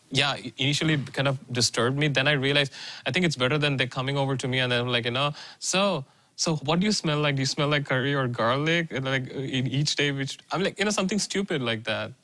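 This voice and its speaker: Animated man, bright voice. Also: mid-range voice, poor audio. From India. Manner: animated and blunt, with frequent restarts and swearing. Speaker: interviewee. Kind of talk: casual documentary interview.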